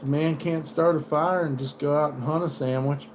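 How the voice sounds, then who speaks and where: Hosting a livestream, this US man delivers a profane, rambling rant full of sardonic asides. His voice is a little high and steady in tone, his pace moderate, and the recording carries a faint hiss or hum.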